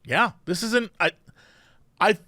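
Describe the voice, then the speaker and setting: A man's voice: high-pitched, lively intonation, slow, bright, forceful tone, no room sound. A man co-hosting a podcast in casual chat, dropping wry, dry quips. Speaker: podcast co-host.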